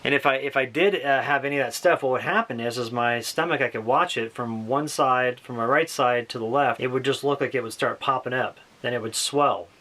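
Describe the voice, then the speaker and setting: A man's voice: mid-range voice, pushed and bright. Plain-spoken man telling his story. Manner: rambling, plain-spoken, many restarts and "like". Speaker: outdoor vlogger telling his own story. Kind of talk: casual storytelling to camera.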